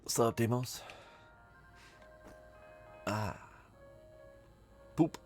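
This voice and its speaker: Low, slow-talking male game streamer. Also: expressive, faint music behind. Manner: wry, mumbly running commentary, reading game text aloud. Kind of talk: casual gameplay commentary.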